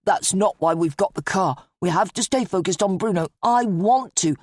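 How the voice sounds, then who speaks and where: A woman's voice: medium pitch, moderate pace, darkish tone, no room sound, studio quality, lightly acted. A woman voicing an earnest, inquisitive young man who asks probing questions in a hesitant way.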